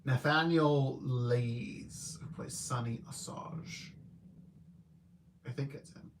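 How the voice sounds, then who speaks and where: A man's voice: medium pitch, fairly even intonation, slow pace, background noise. A man hosting a casual livestream movie review, rambling and correcting himself as he thinks aloud. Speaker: film reviewer host.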